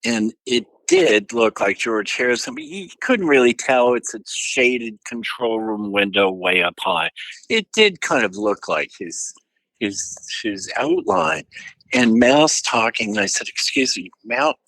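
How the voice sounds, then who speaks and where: An older man from St. Louis telling an animated story as a guest in an interview. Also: medium pitch, a little slow, no echo, low-quality recording. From St. Louis, USA. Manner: animated anecdote-telling with quoted voices. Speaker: musician guest.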